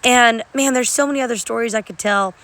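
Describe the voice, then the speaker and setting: Gravelly, bright-voiced woman. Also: a little high, fast. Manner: earnest, heartfelt, chatty with many fillers. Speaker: mission trip volunteer. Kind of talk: casual spoken testimony.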